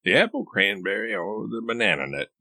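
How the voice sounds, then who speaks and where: Formal male waiter, read by a man, low voice with lively lilt, dry storybook read. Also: brisk, gravelly, no room sound, exaggerated voice. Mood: polite. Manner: formal, courteous. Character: polite male restaurant server.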